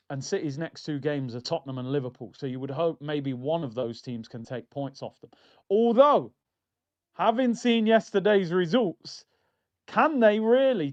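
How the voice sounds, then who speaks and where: A man runs a football watchalong stream with casual, slangy and opinionated chat, and he keeps calling his viewers "people". His voice sits a bit high, and the audio is dull and lo-fi. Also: darkish tone, clean tone. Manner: chatty, opinionated, slangy, calls the audience "people".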